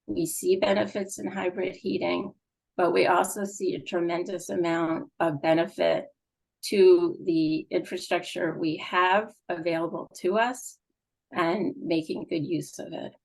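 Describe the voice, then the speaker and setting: A woman's voice: lowish voice, steady tone, a little slow, vocal fry, a little mellow, breathy edge, low-quality recording. A woman speaking for a gas utility at a public meeting, explaining at length with frequent fillers. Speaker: utility company representative.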